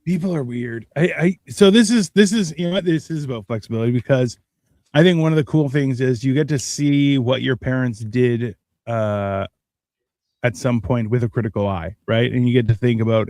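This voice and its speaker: A man's voice: medium pitch, normal speed, darkish tone, dry recording, studio quality. A man hosting a casual podcast chat, reflective and wry, often restarting his sentences. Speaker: podcast host.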